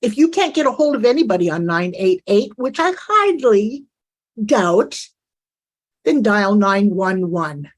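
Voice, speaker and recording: A woman's voice: mid-range voice, big pitch swings, measured pace. A woman streaming live reaction commentary, indignant and talking straight to her chat.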